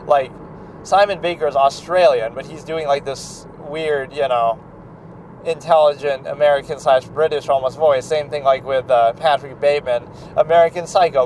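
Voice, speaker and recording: A man's voice: a little high, fairly even intonation, normal speed, darkish tone, a little hiss or hum, low-quality recording. A man giving casual, opinionated reaction commentary on a TV series, rambling with lots of fillers. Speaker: show commentator.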